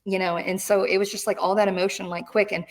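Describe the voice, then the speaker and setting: A woman's voice: medium pitch, fast talker. A middle-aged woman, a retired Marine, telling her story in an interview and acting out the voices of the people in it. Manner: animated, acts out quoted voices.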